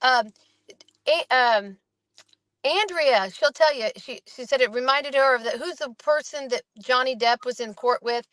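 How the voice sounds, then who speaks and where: A woman with a fairly high voice talks casually, rambling as she retells testimony and slips into quoted voices. The sound is dry and close. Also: unhurried, fairly bright tone, no room sound, rough recording. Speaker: host recapping a trial. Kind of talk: casual chat.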